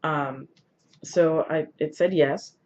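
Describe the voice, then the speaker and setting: A woman vlogger with a sore throat rambles through a personal story to camera, full of fillers and restarts. Her low-pitched voice is slow, fairly even and a little mellow, in a dull lo-fi recording.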